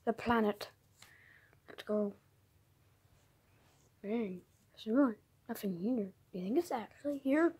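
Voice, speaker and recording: A woman narrating a toy adventure, soft-spoken and musing as she moves the characters along. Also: a little high, a little slow, pauses often, breathy edge. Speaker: toy video storyteller.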